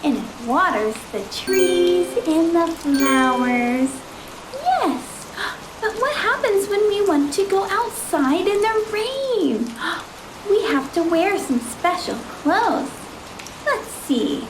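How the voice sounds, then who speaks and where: A woman leads a toddler learning video in a very high, lively sing-song voice, full of excited gasps. She stretches every word out very slowly. The recording has a roomy echo with faint music underneath. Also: noisy background. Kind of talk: slow, exaggerated speech to toddlers.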